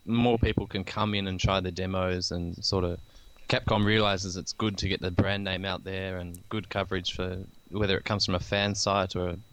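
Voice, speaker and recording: A man co-hosting a casual gaming podcast who gives his opinions in a measured way. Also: low voice, level tone, fairly bright tone, clean tone. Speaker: podcast co-host. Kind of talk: casual chat.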